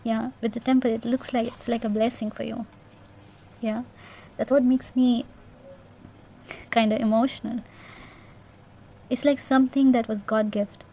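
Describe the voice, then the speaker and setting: A woman giving an intuitive tarot reading in a gentle, reassuring way, repeating herself and checking in with "yeah?". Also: fairly high pitch, little pitch movement, measured pace, long pauses, a little hiss or hum. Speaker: tarot reader.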